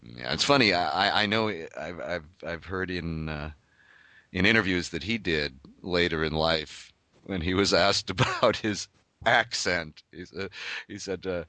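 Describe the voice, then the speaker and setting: Older man, voice actor, deep low voice, bright forceful tone, thoughtful interview talk. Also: unhurried, no room sound. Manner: thoughtful, explanatory.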